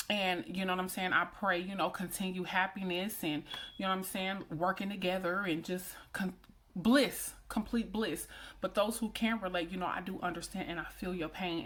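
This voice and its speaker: Heartfelt, prayerful woman vlogger, lowish voice. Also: a bit bright. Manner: heartfelt, prayerful, repeats phrases for emphasis. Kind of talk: emotional personal talk to viewers.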